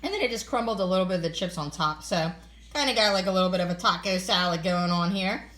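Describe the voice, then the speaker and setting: A woman's voice: on the low side, quick pace, a bit bright. A woman casually talking through the family meals she cooked for a home vlog, easygoing and full of little fillers. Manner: chatty, easygoing, lots of fillers. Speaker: family vlogger. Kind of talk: casual cooking vlog chat. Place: home, partly outdoors.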